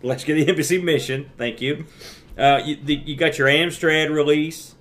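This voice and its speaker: A man co-hosting a casual podcast chat, joking around and acting out his own past reactions in an animated way. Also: on the high side, moderate pace. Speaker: podcast co-host. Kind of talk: casual retro gaming chat.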